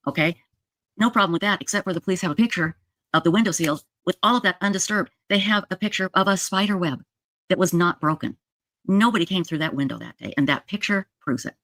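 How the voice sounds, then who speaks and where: A woman recounts events straight to her viewers in a casual, animated retelling. Her pitch leaps up when she stresses a point, and she keeps checking in with a quick "okay?". The sound is dry and close, with no room echo. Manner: addresses viewers directly with frequent "okay?". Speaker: true crime video commentator.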